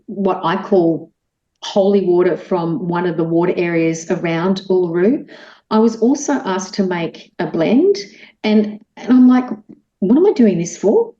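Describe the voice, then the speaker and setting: An Australian woman, a guest on a talk show, tells a personal story in a lively way and acts out her own lines. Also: medium pitch. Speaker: guest, animal communicator. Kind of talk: storytelling in casual chat. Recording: echoey room, dull lo-fi sound.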